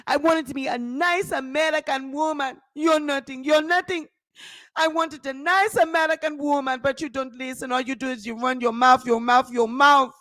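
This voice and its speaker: Woman mimicking a furious husband, shrill and shouting, dry close sound. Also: steady tone, normal speed, dry recording. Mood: scolding. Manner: frantic, shouting, repeating himself. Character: panicking, furious scolding husband, adult man.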